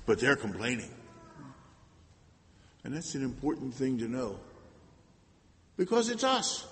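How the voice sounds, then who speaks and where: A man preaching a sermon in an earnest way, moving between loud emphasis and hushed asides. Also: mid-range voice, sing-song, unhurried, slight background noise. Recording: long hall reverb.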